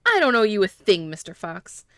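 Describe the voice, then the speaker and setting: A prickly woman suspect in a game, voiced by a woman who keeps her answers curt and defensive. The tone is middle-pitched and dry. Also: very animated, moderate pace, fairly bright tone, smooth, dry recording.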